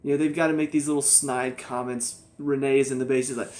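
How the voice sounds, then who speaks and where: A man's voice: mid-range voice, steady tone, fast talker, hardly any pauses, a little mellow. A young man giving a casual spoken TV review, ranting in exasperation and mocking the characters. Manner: exasperated, ranting, mocks characters in quoted voices. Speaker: TV show reviewer.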